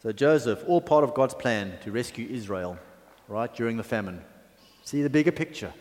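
A man's voice: mid-range voice, expressive, normal speed, darkish tone. A man preaching a sermon in a conversational, chatty way, with asides and fillers. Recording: long hall reverb.

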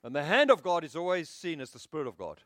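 Male preacher, slightly high voice, animated sermon delivery, laughs often. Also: fast, dry recording, clean studio sound. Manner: animated storytelling, chuckles often.

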